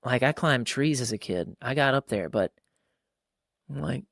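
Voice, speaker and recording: A man's voice: mid-range voice, lively intonation, unhurried, creaky, fairly bright tone, dry recording, clean studio sound. A man who hosts a podcast and is a pastor, talking earnestly in casual conversation about fatherhood and acting out bits of dialogue. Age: adult father of young boys. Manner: earnest, acts out quoted dialogue in a raised voice.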